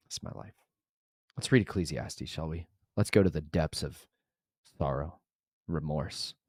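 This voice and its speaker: A tired father telling an exasperated story, swinging between loud outbursts and muttered whispers. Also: sits low, dry recording, studio quality. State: tired after a sleepless night. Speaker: father of a large family. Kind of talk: casual vlog monologue.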